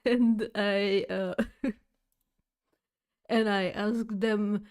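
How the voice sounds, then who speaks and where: A woman streamer telling a chatty, exaggerated story to her viewers, with halting phrasing full of fillers and restarts. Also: mid-range voice, steady tone, darkish tone, smooth. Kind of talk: casual storytelling chat.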